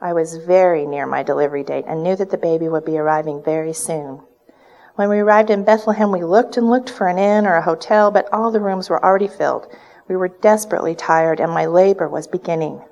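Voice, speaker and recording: A woman's voice: on the low side, brisk, a little mellow, dull audio. A woman performing a first-person dramatic monologue, earnest and full of reverent wonder. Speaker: storyteller in character.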